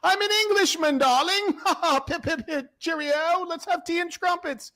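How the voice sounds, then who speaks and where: Mocking caricature: a falsetto posh Englishman, mincing. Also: sing-song, slow, pushed and bright, full character voice.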